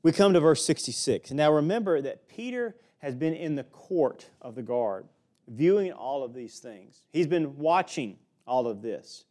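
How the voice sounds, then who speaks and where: A man's voice: fairly high pitch, animated, a little slow, a little mellow. A man with an Alabama accent, preaching a sermon and teaching through a Bible passage in a folksy way with small jokes. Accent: Southern US (Alabama).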